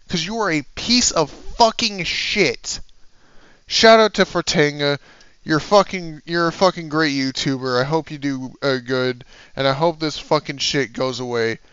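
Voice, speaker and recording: An exasperated YouTuber who is sick yells a profane rant. The delivery is slow and drawn out, and the pitch swings wildly. The sound is dull, lo-fi and very dry. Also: clean tone, no echo. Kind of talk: angry rant vlog.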